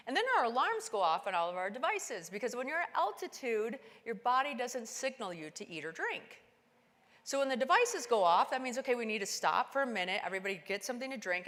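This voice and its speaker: A woman giving a motivational keynote talk, telling a climbing story and acting out the dialogue with sudden bursts of high excitement. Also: in a large hall. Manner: animated, acts out dialogue with sudden high-pitched exclamations. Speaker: keynote speaker. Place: conference stage in a large hall.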